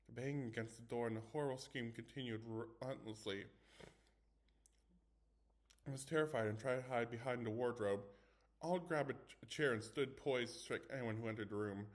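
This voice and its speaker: A man's voice: medium pitch, fairly quick. A man reading a scary story aloud in first person, dramatic, with small stumbles. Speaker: story reader.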